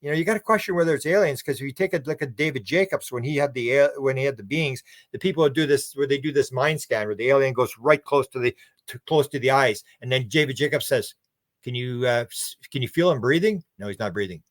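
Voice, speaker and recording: A man's voice: medium pitch, fast, dry recording, clean studio sound. A man who is a guest on a podcast. He tells stories in a rambling, casual way, restarts his words and acts out what other people said. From Canada. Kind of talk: casual conversational storytelling.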